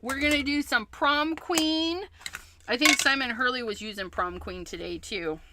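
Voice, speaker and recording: A woman's voice: high voice, normal speed, noisy background. A woman hosting a craft livestream, chatting casually as she explains each step she works on.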